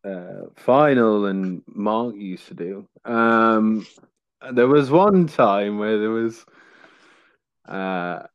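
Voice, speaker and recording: Male podcast guest, low pitch, dry close mic, loose rambling storyteller. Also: drawn-out words, no room sound, highs cut off. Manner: rambling storytelling with many fillers. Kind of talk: casual chat.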